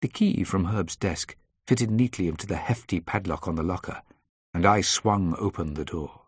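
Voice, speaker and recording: A man reading a first-person thriller aloud in a measured, dry storytelling manner. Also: low voice, breathy edge, no echo. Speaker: audiobook narrator.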